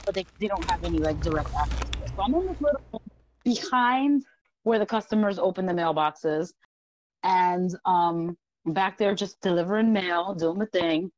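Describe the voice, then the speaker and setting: A woman guest on a podcast telling a wild story in casual chat, animated and profane, laughing often. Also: lowish voice, normal speed, dry recording, poor audio.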